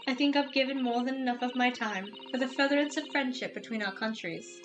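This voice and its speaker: A woman's voice: on the high side, a little fast, close to an everyday voice, poor audio. A woman reading game dialogue aloud, voicing a scornful upper-class Englishwoman with a put-on English accent and a condescending, prim manner. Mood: haughty. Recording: game music behind.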